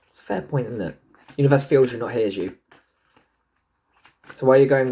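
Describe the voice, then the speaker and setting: A man's voice: fairly quick, long pauses. Chatty, foul-mouthed man reading tarot. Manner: chatty, swears freely, jokes to himself, talks back to the universe; lively pitch, swoops high into silly put-on voices. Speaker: tarot and numerology reader. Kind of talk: casual tarot reading to camera.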